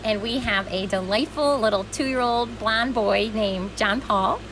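A young adult woman from Western New York, a podcast guest talking in a gentle, earnest and effusive way. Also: fairly high pitch, a little slow, background noise. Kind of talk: casual chat.

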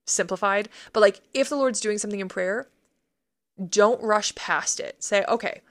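A woman's voice: medium pitch, normal speed, fairly bright tone. A woman co-hosting a faith podcast in casual chat, laughing often and acting out quotes. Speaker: podcast co-host.

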